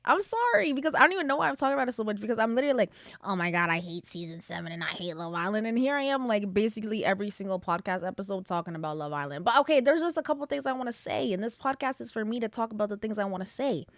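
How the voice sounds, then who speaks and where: A woman's voice: a little high, animated, racing, hardly any pauses, no room sound, clean studio sound. A young woman hosting a casual solo podcast, chatty and opinionated, full of "like" fillers. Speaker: podcast host.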